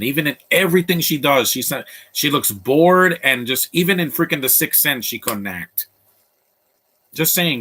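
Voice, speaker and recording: Bright-voiced man giving blunt movie commentary. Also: mid-range voice. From Latino background. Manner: blunt, opinionated, rambling asides.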